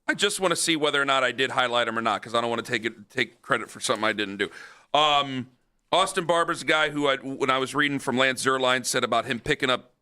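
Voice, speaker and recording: A man hosting sports talk radio, telling stories in a lively way and acting out both sides of a phone call. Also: medium pitch, clean tone. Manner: animated storyteller, acts out both sides of conversations.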